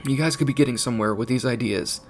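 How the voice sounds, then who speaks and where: A grave, steady British teenage leader, as a male narrator puts him on, near the narrator's own pitch. He speaks with calm seriousness in a storybook reading. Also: fast talker, slight background noise, lightly acted. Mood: serious.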